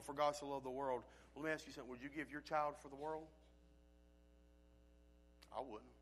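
A man preaching from the pulpit in a high, bright voice. His phrasing is folksy and plain-spoken. He rises to loud, fervent calls, then drops to low, quiet stretches. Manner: swings from loud preaching to near-murmur. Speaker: pastor. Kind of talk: sermon.

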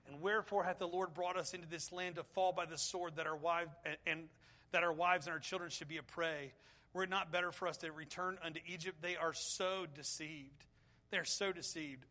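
A male pastor preaching with a high, bright voice. He asks rhetorical questions and pleads with his listeners, building to intense appeals. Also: steady tone, a little fast. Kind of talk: sermon.

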